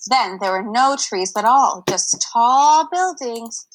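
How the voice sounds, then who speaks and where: A woman's voice: fairly high pitch, lively intonation, slow, poor audio. A young adult woman reading a picture book aloud to children on a livestream, stopping to explain words in a chatty way.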